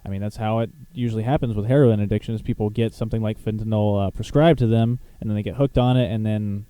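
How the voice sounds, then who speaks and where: A man's voice: on the low side, fairly even intonation, fast, dark tone, clear, resonant tone, no echo. A young man hosting a casual podcast chat, rambling through topics and laughing often. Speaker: show host.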